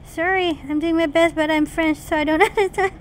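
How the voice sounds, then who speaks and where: A woman host talks through her game in casual, excitable commentary. Her voice sits high, and she keeps chattering to the characters on screen in a playful way. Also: brisk, a little hiss or hum. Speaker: mom gaming channel host.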